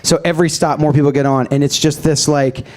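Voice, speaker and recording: Animated man telling a comedic story. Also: a little high, quick pace. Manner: animated, acts out bystanders' voices with shouts and gasps; rambling, restarts phrases. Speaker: podcast co-host. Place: live show at a music venue.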